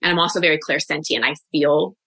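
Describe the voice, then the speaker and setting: Bright-voiced woman telling her story. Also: low-pitched, fairly even intonation, husky, dry recording. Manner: open, reflective storytelling with quick asides. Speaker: guest coach. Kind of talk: podcast interview.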